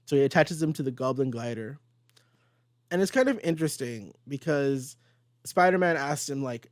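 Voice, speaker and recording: A man in a laid-back comic book talk, walking through each page and tossing in quick character lines. His voice sits in the middle range, recorded dry and up close. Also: mid-range voice, no echo. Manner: animated recapping, quoting characters in passing. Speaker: host. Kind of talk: casual comic book discussion.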